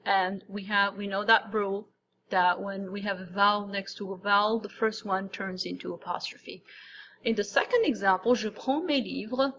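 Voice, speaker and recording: A woman of middle pitch walks through a grammar lesson one example at a time, patient and methodical. The recording is a little dull and lo-fi, with a faint hiss underneath. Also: steady tone, moderate pace, fairly bright tone. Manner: patient, explains step by step, repeats examples. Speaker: French teacher.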